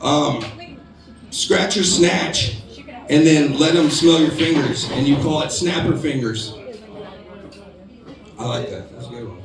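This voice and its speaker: This American comic has a fairly high pitch and an unhurried delivery, pausing often as he loosely rambles through crude jokes and fillers. He's performing stand-up on a bar stage to a live crowd. The distant, roomy recording picks up the audience too.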